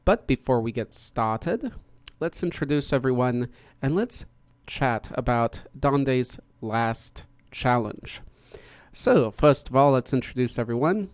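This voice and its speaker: A man hosts a podcast over online voice chat, with a smooth, resonant voice recorded dry and close. He talks casually and greets each guest in turn. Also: mid-range voice, lively intonation, takes it slowly, no room sound. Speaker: podcast host.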